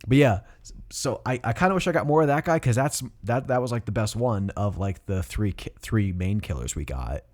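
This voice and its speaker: A young man with a lowish voice gives blunt, animated opinions in a casual podcast chat. He swears freely and pushes his points hard when he disagrees. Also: fairly quick. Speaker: podcast co-host. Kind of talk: casual film discussion.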